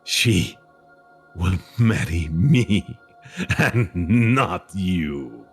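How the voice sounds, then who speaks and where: A man voicing a cold, possessive vampire lord who speaks slowly and with menace. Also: low voice, lively intonation, slightly rough, faint music behind, heavily acted. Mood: menacing.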